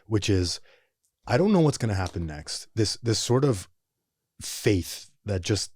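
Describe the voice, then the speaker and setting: Deep, husky, reflective male host. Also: sing-song, a little slow, darkish tone, no room sound, studio quality. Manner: reflective, affirming interjections. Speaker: podcast host. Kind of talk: conversational interview.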